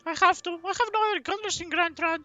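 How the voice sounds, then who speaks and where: A man voicing an eager, chatty monastery trader in a high falsetto, reading game dialogue aloud. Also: quick pace, sharp tone, no room sound, dull audio, faint music behind.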